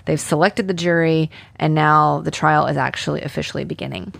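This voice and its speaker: A woman's voice: low-pitched, fairly even intonation, brisk, vocal fry. A woman from Alabama hosting a true-crime podcast alone, talking conversationally with indignation and lots of fillers. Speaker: podcast host.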